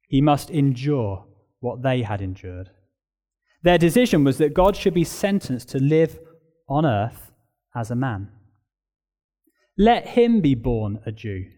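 Earnest preacher man, rising and falling. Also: mid-range voice. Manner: earnest, builds to emphatic peaks then drops soft; reads a long passage aloud. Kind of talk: sermon.

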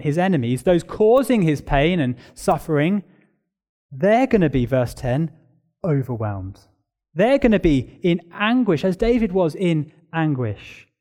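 A man preaching an expository sermon, emphatic, building intensity through repeated phrases and then dropping to a quiet, solemn tone. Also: fairly high pitch.

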